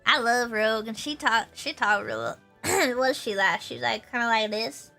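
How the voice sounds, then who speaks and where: A woman's voice: a little high, unhurried, creaky, bright, forceful tone, faint music behind. A young woman streamer in casual chat with her viewers, bubbly and rambling, laughing often and repeating herself.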